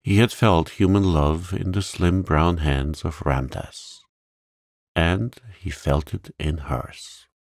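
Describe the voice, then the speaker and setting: A man narrating a calm bedtime story in a gentle, soothing way. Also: low voice, gravelly, no room sound, studio quality.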